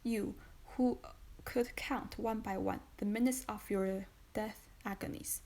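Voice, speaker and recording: A woman's voice: medium pitch, slow pace, natural voice, low-quality recording. A woman reading a cold, contemptuous male magistrate. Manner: calm, contemptuous and relentless. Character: cold, stern male magistrate accusing his wife. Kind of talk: audiobook reading.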